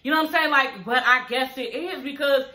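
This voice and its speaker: A woman's voice: sits high, fairly quick, sharp tone, echoey room. A woman recapping a reality TV episode in casual chat, swearing freely, laughing often and addressing viewers as y'all. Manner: chatty and profane, keeps addressing viewers as y'all; laughs often while talking.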